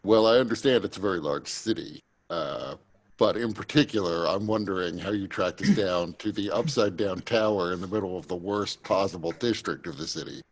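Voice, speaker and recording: A man's voice: deep voice, a little fast. A man speaking in character as a player in a tabletop game, asking skeptical questions.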